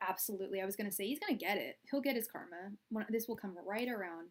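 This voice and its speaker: A woman's voice: mid-range voice, expressive, fast talker, hardly any pauses. A young woman doing a live-stream tarot reading, chatty and blunt, talking straight to her viewers. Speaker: tarot reader.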